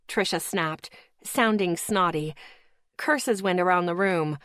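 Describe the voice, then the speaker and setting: Audiobook narrator: woman, measured, slow delivery, dry close mic. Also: on the low side, a bit bright, no room sound. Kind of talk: first-person audiobook narration.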